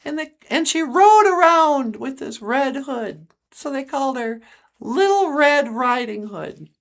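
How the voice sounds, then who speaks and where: A woman's voice: high-pitched, expressive, a little slow, vocal fry. A woman podcast host telling a story in a chatty, casual way, laughing often and filling in with asides.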